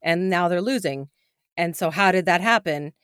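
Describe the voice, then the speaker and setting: A woman, chatting as a podcast co-host and telling lively stories with frequent laughter. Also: lowish voice, moderate pace, clear, resonant tone, no echo, studio quality. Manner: animated storyteller, laughs often. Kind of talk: casual chat.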